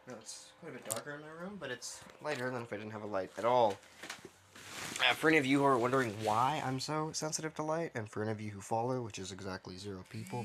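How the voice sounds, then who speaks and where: A man giving casual, rambling commentary while he plays a game, mocking himself and thinking out loud from his own dim room. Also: medium pitch, background noise. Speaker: gaming streamer.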